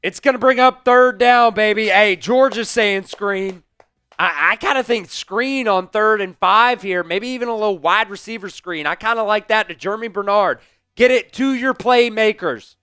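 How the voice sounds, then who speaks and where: A hoarse man, hosting a fan livestream of a football game, calling plays, shouting and chanting in excitement. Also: high-pitched, moderate pace, no room sound, studio quality, soft background music. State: hoarse, voice worn out. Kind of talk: live fan play-by-play watch-along.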